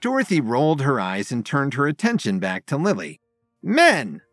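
A man narrating a dramatic story in an expressive storytelling voice. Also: mid-range voice, brisk, no room sound, clean studio sound, faint music behind.

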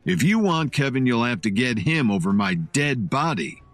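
Man doing a furious storybook brawler, shouting threats, domineering, voice swinging widely, dry close sound. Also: mid-range voice, big pitch swings, moderate pace, dry recording, faint music behind, voice pushed up. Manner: shouting, menacing.

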